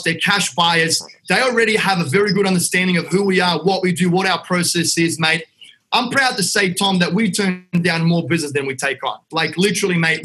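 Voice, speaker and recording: An Australian man with a high, bright, forceful voice speaks bluntly in a casual podcast chat. He talks like a confident real estate investor guest, punchy and raw, calling the host "mate" every few lines.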